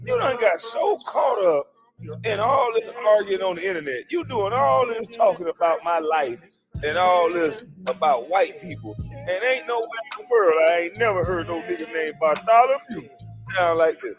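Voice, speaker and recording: A man streaming live comedy commentary, loudly mocking a clip in a sing-song teasing voice. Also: sits high, big pitch swings, moderate pace, music in the background.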